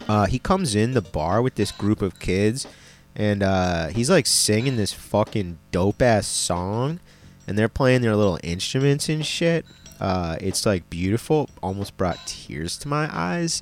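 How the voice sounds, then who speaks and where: A man with a lowish voice talks through a film in a loose, slangy recap, swearing freely and filling gaps with "uh" and "like." His delivery stays relaxed and unpolished. Faint music plays behind him. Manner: laid-back, profane, slangy, many fillers.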